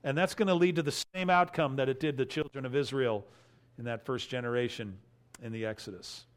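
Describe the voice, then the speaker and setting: A man's voice: mid-range voice, steady tone, brisk. A man preaching a sermon, working through scripture verse by verse and rising in emphasis on key phrases. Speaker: pastor.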